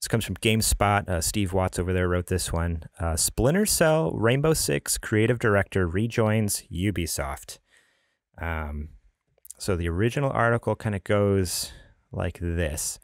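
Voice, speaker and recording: A man's voice: deep voice, animated, a little slow, dry recording, studio quality. A man hosting a casual gaming podcast, chatty and rambling, often laughing. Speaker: podcast host.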